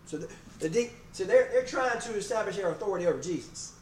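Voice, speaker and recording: Talking fast with lively intonation and a high-pitched voice, a man preaches folksily to his congregation, naming individuals and repeatedly asking "okay?" and "amen?" Recorded in a church sanctuary, the audio is echoey, distant-miked, and faintly noisy.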